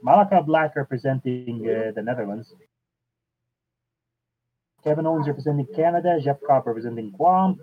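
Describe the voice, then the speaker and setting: A man hosting a casual chat in an unhurried way, often pausing on "uh" and restarting his sentences. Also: mid-range voice. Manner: unhurried, fills pauses with "uh" and restarts. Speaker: podcast host. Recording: tinny phone-like line.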